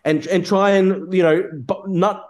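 A man with a fairly high voice, from Australia, rants in a heated online debate. He swears, cuts in constantly and piles on accusations, speaking over a video call. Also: fairly even intonation, measured pace. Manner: furious, interrupting, swearing.

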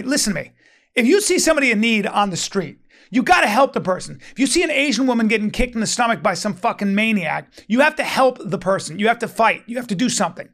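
A man's voice: high voice, expressive, fast, vocal fry, fairly bright tone. A man chatting casually, telling a rambling, profane story with lots of restarts. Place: Venice, Los Angeles resident.

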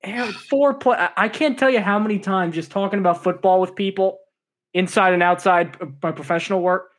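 A man's voice: sits high, fairly quick, a bit bright. A man co-hosting a casual sports podcast who drops dry, sarcastic quips. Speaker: podcast co-host.

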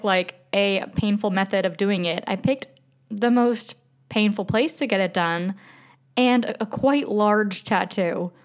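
A woman hosting a podcast, telling a travel story in a chatty, emotional, self-mocking way, laughing often and filling her talk with "like.". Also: medium pitch. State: migraine, speech slipping. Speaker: podcast host. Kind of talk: casual storytelling monologue.

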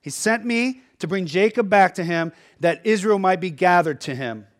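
A man preaching a sermon as a pastor, swinging from quiet asides to loud, urgent peaks and tagging his points with "right?". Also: high voice, lively intonation, normal speed. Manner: preaching with sudden surges and drops in volume; tags points with a questioning "right?".

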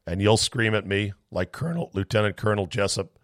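Male host, mid pitch, dry close mic; ranting and incredulous, big swings between loud bursts and mutters. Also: a little fast, no room sound. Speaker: podcast host. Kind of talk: animated monologue and casual chat.

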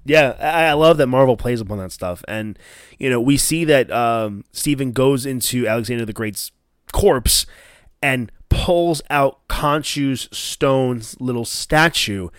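A man hosting a casual chat, excitedly recapping an episode and swearing as he acts out scenes in a raised voice. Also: medium pitch, unhurried, clean tone, no echo, studio quality. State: coughing. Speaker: podcast host.

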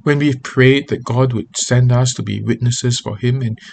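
A man's voice: mid-range voice, steady tone, normal speed, vocal fry, a little mellow, a little hiss or hum. A man giving a devotional talk as a pastor, earnest and reading scripture aloud with feeling. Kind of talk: devotional Bible teaching.

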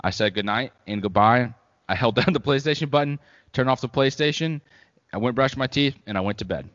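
A man's voice: medium pitch, brisk, fairly bright tone. Guy laughing at himself, cussing casually, kinda echoey long reverb, muffled. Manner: laughing, self-deprecating, swears casually. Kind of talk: casual chat. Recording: dull audio with long reverb.

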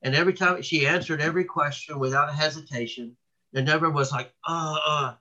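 Rambling bright-voiced man, lo-fi sound. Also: on the high side, steady tone, a little fast. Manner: rambling storyteller with many restarts and fillers. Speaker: cryptid researcher guest. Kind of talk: casual interview talk.

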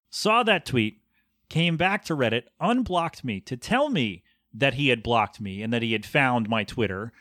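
A man in his thirties talks alone into a podcast microphone, rambling and sarcastic, putting on a mock-professional air. His voice sits at an ordinary middle pitch. The sound is dry and close, with no room around it. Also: a bit bright, dry recording. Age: 30s. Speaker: podcast host. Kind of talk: casual solo podcast rant.

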